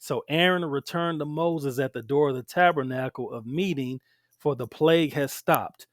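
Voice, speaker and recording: Black guy teaching the bible, kinda high voice, dry close sound, keeps checking in with listeners. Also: normal speed, dry recording. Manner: emphatic, conversational asides to listeners. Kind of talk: scripture teaching with commentary.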